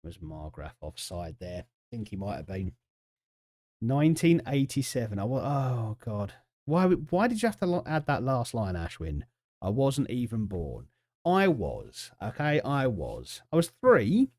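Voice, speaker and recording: Chatty man streaming, lively. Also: medium pitch, a little slow, no echo, studio quality. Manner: chatty, jokey, reacts to chat and the match. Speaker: streamer playing a football management game. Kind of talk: casual live-stream commentary.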